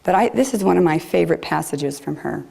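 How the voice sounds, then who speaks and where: Low gravelly-voiced woman preacher. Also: expressive, fairly quick. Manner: gentle, reflective delivery. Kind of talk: sermon. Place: chapel.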